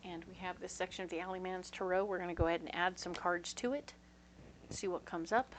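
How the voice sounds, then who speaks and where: A woman's voice: on the low side, steady tone, brisk, slight background noise, poor audio. A woman giving a casual tarot reading, chatty and reassuring, checking in with her listeners as she talks. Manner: storytelling with acted-out voices. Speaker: tarot reader.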